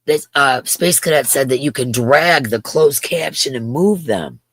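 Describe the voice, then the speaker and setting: Lively intonation and a breathy edge mark the rumbling low voice of this woman in her fifties, who unhurriedly hosts a crochet livestream without any echo. She rambles casually and reads out what her viewers write.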